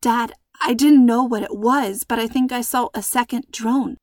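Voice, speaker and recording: A woman's voice: on the high side, steady tone, moderate pace, darkish tone, no echo, studio quality, natural voice. A woman voicing a frightened young girl in a storybook reading, asking breathless, pleading questions. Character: frightened young girl, kidnapped with her father.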